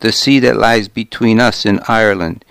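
A man's voice: fairly low pitch, steady tone, normal speed, gravelly, fairly bright tone, smooth, no room sound. A man reading the part of a brusque, curt, gray-haired older woman in an audiobook. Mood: plain.

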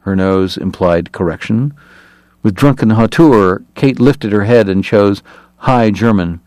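A male audiobook narrator reading a historical novel in steady scripted narration. His voice sits low, and the recording is dry and close with no room sound. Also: a little slow, no echo.

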